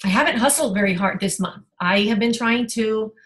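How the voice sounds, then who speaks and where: A woman's voice: on the high side, moderate pace, fairly bright tone, poor audio. A woman health coach giving an emotional, rambling personal testimony on a team video call.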